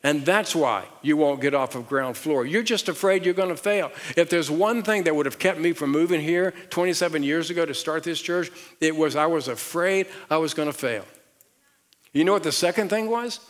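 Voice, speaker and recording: A man's voice: on the high side, normal speed. A middle-aged man with a Southern American accent preaching a sermon as pastor, telling stories and asking the audience questions. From Southern United States. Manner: animated storytelling with rhetorical questions and audience call-and-response. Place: large church auditorium on stage. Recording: long hall reverb.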